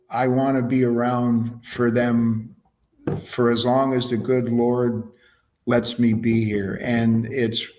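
Slow-talking, enthusiastic man. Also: mid-range voice. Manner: enthusiastic, with frequent restarts. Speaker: interview guest. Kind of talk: casual conversational storytelling.

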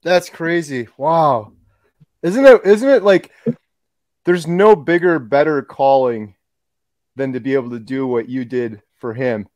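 A male host of middle pitch talks with eager enthusiasm and leans hard on key words. The sound is dry and close, with no room echo. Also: a little slow, a little mellow. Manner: enthusiastic, emphatic. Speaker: host, homesteading video creator. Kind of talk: casual interview chat.

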